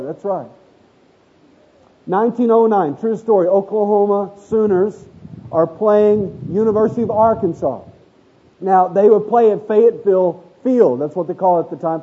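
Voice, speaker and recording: A man's voice: sits high, breathy edge. A middle-aged man preaching a sermon in a conversational, storytelling way, asking the congregation questions. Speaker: pastor. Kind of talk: sermon with audience interaction. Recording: thin phone-like audio.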